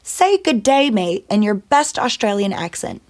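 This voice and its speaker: A woman interviewer whose voice swings lively up and down as she rattles off quick questions. Her tone is upbeat and brisk. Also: mid-range voice. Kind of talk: rapid-fire interview questions.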